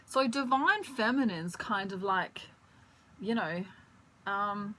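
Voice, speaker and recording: A woman giving a casual tarot reading at home, chatty and rambling, pausing to search for words and laughing often. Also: mid-range voice, a bit bright, slight background noise, poor audio. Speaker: tarot reader. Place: at home, pet bird nearby.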